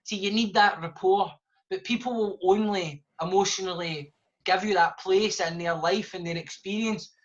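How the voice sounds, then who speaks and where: A man's voice: sits high, steady tone, normal speed. A Scottish man, a guest author, talking fluently and passionately in a live podcast discussion. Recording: dull lo-fi sound.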